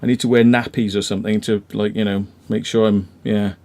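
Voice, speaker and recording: A man's voice: on the low side, level tone, a little fast, a little mellow. A man with a Welsh accent chatting casually as a live-stream host, rambling with lots of fillers and restarts. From Wales.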